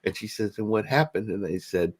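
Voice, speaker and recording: Rambling low-voiced man telling a story. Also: fairly quick. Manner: rambling, restarts and acts out quotes. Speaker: podcast co-host. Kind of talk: casual storytelling chat.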